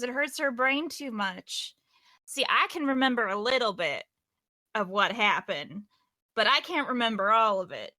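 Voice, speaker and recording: A woman's voice: sits high, pushed and bright, dry recording. A woman voicing a cheerful, childlike young woman in a tabletop game, chirpy, giggly and eager to please. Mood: chatty.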